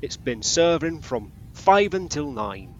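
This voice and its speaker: A man's voice: a little high, very animated, takes it slowly, highs cut off, a little hiss or hum, pitched above the performer's own voice. A man voicing a chirpy male crewmate who posts cheery, homely notices about the mess hall.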